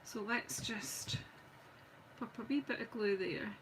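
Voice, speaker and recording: A woman's voice: on the high side, takes it slowly, a bit bright, slight background noise, rough recording. A Scottish woman chatting casually and thinking aloud as she demonstrates card making on a live stream. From Scotland. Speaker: craft demonstrator. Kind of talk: live craft stream chat.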